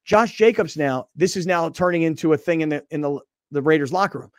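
A male sports talk host with a slightly high voice argues his points with emphasis. The studio mic sound is close and dry. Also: a little fast, no echo. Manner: opinionated, emphatic.

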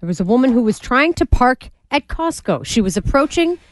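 A woman co-hosting a morning radio show, reading the news in a brisk, matter-of-fact way. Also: high-pitched, sing-song, no echo. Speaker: radio co-host and news reader. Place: radio studio.

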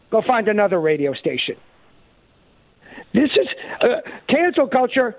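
A man's voice: sits high, moderate pace, vocal fry, no room sound. A man co-hosting a talk radio show, delivering an emphatic, sarcastic political monologue. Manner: emphatic, sarcastic, animated quoting. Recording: thin phone-like radio audio.

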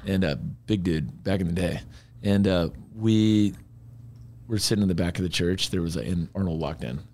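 A man's voice: low-pitched, moderate pace. A man, a musician guest, telling stories in a casual, rambling chat. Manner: rambling, animated storyteller.

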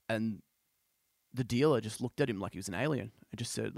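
A man's voice: mid-range voice, normal speed, vocal fry, a little mellow, dry recording, clean studio sound. A man on a podcast casually retelling a story he heard, rambling with lots of fillers. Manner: rambling, many fillers like "you know" and "like". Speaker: podcast host.

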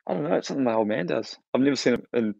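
A man's voice: mid-range voice, expressive, very fast, vocal fry, a little mellow, no echo. A man, co-hosting a podcast and telling rambling, self-mocking stories. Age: 30s. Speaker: podcast co-host. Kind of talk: casual chat. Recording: dry, dull lo-fi sound.

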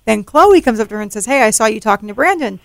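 A woman's voice: fairly high pitch, expressive, fast talker, gravelly, no echo. A woman in a casual podcast chat, retelling scenes with frequent laughter.

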